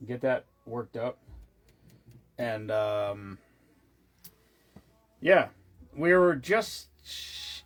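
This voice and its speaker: A man's voice: medium pitch, lively intonation, drawn-out words, pauses often, fairly bright tone. A tired man chatting casually to his viewers, rambling with many restarts and asides and the odd swear word. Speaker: vlogger. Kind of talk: casual chat.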